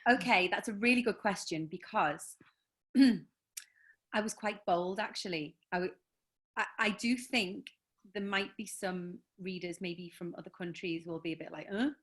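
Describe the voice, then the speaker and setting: Chatty Scouse woman, lower voice. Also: measured pace, a bit bright. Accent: Liverpool (Scouse). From Liverpool, England. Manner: enthusiastic, chatty, many fillers. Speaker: guest author. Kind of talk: casual interview chat.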